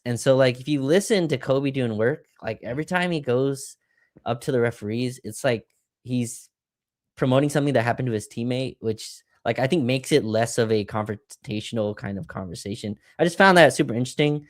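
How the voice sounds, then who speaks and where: A man's voice: mid-range voice, a little fast, no room sound, studio quality. A man co-hosting a sports podcast, talking through a game in a casual, analytical way and hedging his points. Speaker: podcast co-host. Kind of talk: casual sports recap chat.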